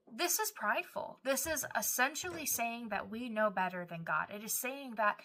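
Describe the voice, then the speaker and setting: A woman's voice: fairly high pitch, lively intonation, moderate pace, hardly any pauses, bright, forceful tone. A woman giving a devotional Bible teaching in an earnest way, sometimes voicing prayers and scripture aloud.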